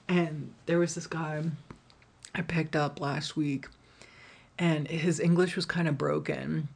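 Husky, frank woman podcasting solo. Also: low-pitched, darkish tone. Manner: frank, swears freely, laughs often. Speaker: podcast host. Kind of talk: candid solo podcast monologue.

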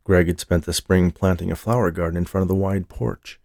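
A man reading an audiobook in a steady, measured storytelling voice. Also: deep voice, gravelly, dry recording, clean studio sound. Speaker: audiobook narrator. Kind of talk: scripted narration.

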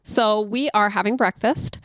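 A mother who homeschools, telling a story in a chatty, animated way and talking straight to her listeners. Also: mid-range voice, a little slow, no echo, studio quality. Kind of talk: casual storytelling monologue.

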